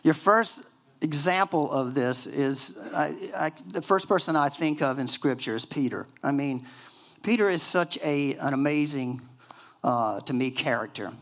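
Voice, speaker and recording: Animated older man preaching a sermon. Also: fairly high pitch, unhurried. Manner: animated storytelling with many fillers and acted-out quotes. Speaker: pastor.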